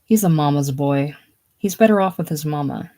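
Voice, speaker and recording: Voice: mid-range voice, moderate pace, warm tone, close to an everyday voice. A solo reader voicing a blunt, teasing man in a casual play reading.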